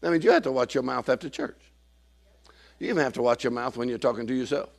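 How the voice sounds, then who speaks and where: A man preaching a sermon in church, acting out quoted people and swinging from shouting to hushed asides. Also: medium pitch, fast talker, creaky.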